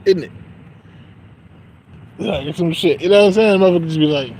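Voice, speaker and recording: A man's voice: on the high side, very fast, a little mellow, a little hiss or hum, low-quality recording. A young man talking in a casual, rambling monologue, slangy and profane, laughing often. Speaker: vlogger.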